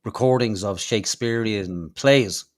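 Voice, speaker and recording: Low-voiced rambling Irish man. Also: unhurried. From Ireland. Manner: rambling, swears freely, many ums. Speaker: podcast host. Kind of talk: casual chat.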